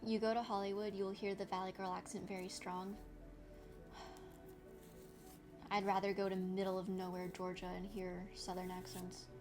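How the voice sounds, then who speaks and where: A woman's voice: mid-range voice, unhurried, long pauses. A young adult woman streaming, chatting casually with her viewers while she crafts, reacting to their comments and laughing often. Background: background music.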